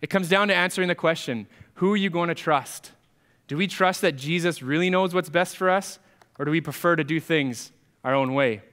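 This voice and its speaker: A man's voice: fairly high pitch, fairly quick, a bit bright, clean tone, in a large hall. A man preaching a sermon as a pastor, in a conversational, storytelling manner. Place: church sanctuary.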